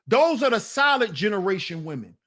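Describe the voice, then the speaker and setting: High-voiced scolding man ranting. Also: big pitch swings, a little fast, a bit bright. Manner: blunt, scolding, talks back to viewers. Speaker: commentary channel host. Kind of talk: casual commentary rant.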